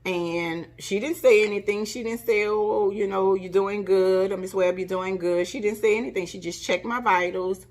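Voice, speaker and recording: A woman's voice: medium pitch, normal speed, few pauses. A middle-aged woman telling her own story casually to her channel, acting out the quoted lines, with a cough. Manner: animated retelling, acts out quoted dialogue. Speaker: vlogger.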